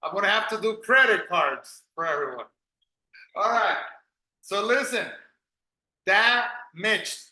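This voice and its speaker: A man's voice: high voice, animated, moderate pace, bright, forceful tone, roomy sound, rough recording. Patient man drilling English pronunciation. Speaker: English teacher. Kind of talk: online English class.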